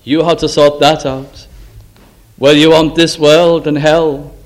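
Slow, high-voiced preacher. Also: male voice, little pitch movement. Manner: dramatic swings from loud exclaiming to hushed solemn tones. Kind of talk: revival sermon.

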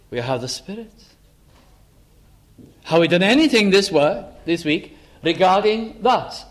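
A man preaching a sermon in church, earnest, slowing down and lifting his voice on the words he stresses. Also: high voice. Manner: earnest, slows down and rises for emphasis.

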